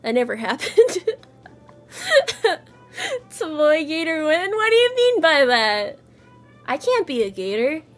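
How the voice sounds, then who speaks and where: A woman's voice: sits high, huge pitch swings, slow, pauses often, faint music behind. A woman streamer chatting casually with her viewers, playful, laughing often and swearing freely. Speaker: VTuber streamer.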